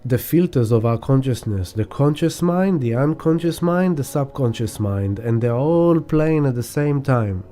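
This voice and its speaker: A man's voice: medium pitch, lively intonation, a little slow, few pauses, warm tone, soft background music. A man giving a rambling spiritual astrology talk, casually swearing and acting out examples. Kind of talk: spiritual teaching monologue.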